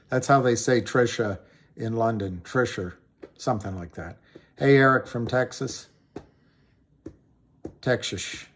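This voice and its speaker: A man's voice: mid-range voice, a little hiss or hum. A man hosting a casual livestream, rambling about money and greeting viewers by name, often trailing off and restarting. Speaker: livestream host.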